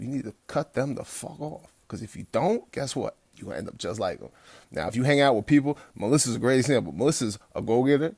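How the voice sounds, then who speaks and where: A man with a rough, gravelly voice gives a late-night home pep talk as a fitness coach. He is blunt and swears freely, starts over often, and turns loud and heated when he rants. The sound is dry and close, with no room around it. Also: mid-range voice, no room sound. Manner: blunt, profane, rambling with restarts.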